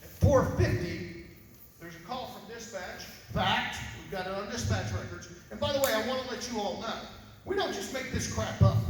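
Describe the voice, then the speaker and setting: A man's voice: sits high, background noise. Man, civil investigator, press conference briefing, emphatic, rhetorical questions, very echoey room, distant mic. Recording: echoey hall, voice far from mic.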